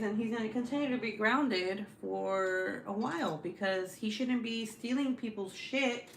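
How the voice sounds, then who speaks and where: Woman, 30s, crafting-stream host; unhurried, foul-mouthed chatter. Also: on the high side, fairly bright tone, a little hiss or hum. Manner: profane, rambling storyteller. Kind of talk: casual chat while crafting.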